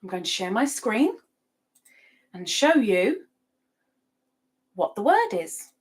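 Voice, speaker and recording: A woman's voice: medium pitch, big pitch swings, takes it slowly, breathy edge. A woman hosting a casual live stream, chatting and reading out viewer comments with frequent laughs. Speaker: livestream host. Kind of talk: casual live-chat talk.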